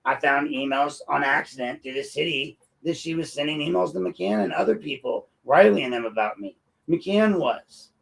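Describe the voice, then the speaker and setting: A man's voice: a little high, gravelly, poor audio. Combative, sarcastic male commentator. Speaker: host and local activist. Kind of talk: ranting commentary.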